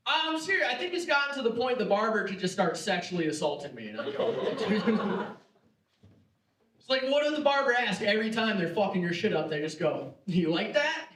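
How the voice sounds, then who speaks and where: A brash young man with a high voice works through a stand-up set, mocking himself and swearing freely. He is picked up from a distance in an echoing theater hall. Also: very animated, a little fast, a bit bright, a little hiss or hum. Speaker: stand-up comedian. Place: theater stage before a live audience. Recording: echoey hall, mic heard from afar.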